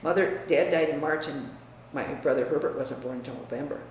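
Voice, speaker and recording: An older woman from the US Midwest, reminiscing about her family in a frank, emphatic way that often drops quiet. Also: low voice, a little fast. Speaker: interviewee. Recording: echoey room, distant mic, faint hiss.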